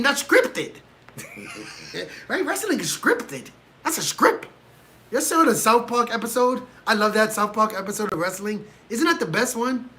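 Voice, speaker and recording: A man with a high, sharp-toned voice hosts a casual livestream from a room at home, reacting to fights. He rants in exasperation and talks straight to his chat.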